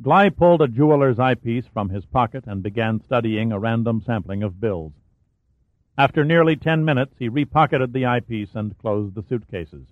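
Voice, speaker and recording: A man narrating an audiobook thriller in a steady storytelling manner. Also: medium pitch, moderate pace, no echo. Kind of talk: scripted narration. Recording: dry, phone-like narrow sound.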